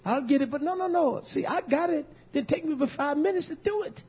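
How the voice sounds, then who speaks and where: A man preaching as pastor, telling stories and quoting himself in an animated way. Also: extremely high pitch, a little fast, lo-fi sound. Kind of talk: sermon.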